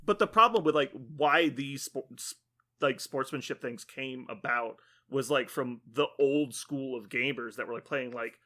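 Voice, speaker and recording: A man's voice: mid-range voice, measured pace, pushed and bright. A man co-hosting a podcast, ranting casually with lots of swearing and acted-out quotes. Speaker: podcast co-host.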